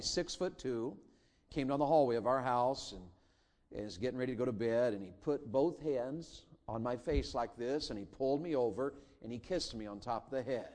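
A middle-aged man preaching a sermon in a church, telling family stories with big swings between loud and hushed. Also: mid-range voice. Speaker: pastor.

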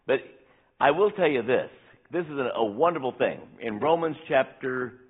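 A pastor in his sixties preaching a sermon, earnest and emphatic, slowing down when he reads scripture. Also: medium pitch, animated, husky. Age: 60s. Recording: tinny phone-like sound.

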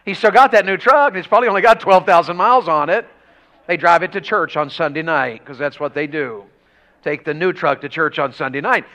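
A man preaching a revival sermon in a church, telling folksy country stories and rising to shouts. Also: on the high side, a little fast. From rural Tennessee.

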